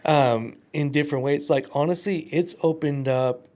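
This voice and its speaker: A man talking casually on a podcast, telling animated stories and acting out quoted voices. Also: fairly high pitch, normal speed.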